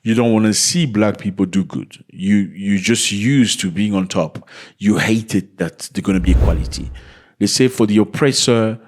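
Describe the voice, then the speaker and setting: A man hosting a casual commentary video, talking to his viewers in a conversational way and throwing rhetorical questions at them. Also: on the low side. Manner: addresses viewers as fellas. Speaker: commentary channel host.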